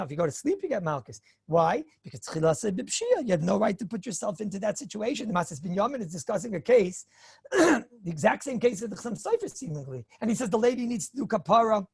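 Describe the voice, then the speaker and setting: Gravelly-voiced rabbi giving a lecture. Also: male voice, high-pitched, no room sound, clean studio sound. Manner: animated, acts out hypothetical dialogues; chuckles, frequent throat-clearing. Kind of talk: Torah lecture.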